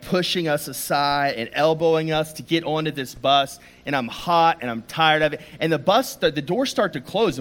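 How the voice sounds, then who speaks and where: A man delivers a sermon in a church room, slipping into a personal story before moving into scripture. His voice sits a bit higher than most men's, and he talks in a relaxed, conversational way. He often restarts his sentences. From United States. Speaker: preacher.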